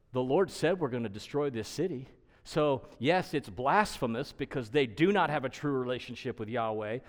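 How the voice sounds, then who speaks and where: A man's voice: mid-range voice, big-room sound. A male preacher giving an expository sermon, emphatic and explanatory, who repeats his points for stress.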